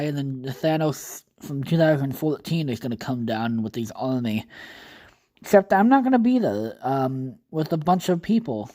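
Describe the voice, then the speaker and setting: Male solo podcaster, mellow tone, loose unscripted rambling with frequent cursing. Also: fairly high pitch. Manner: rambling, casually profane, thinks aloud with fillers. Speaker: podcast host. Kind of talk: casual solo podcast monologue.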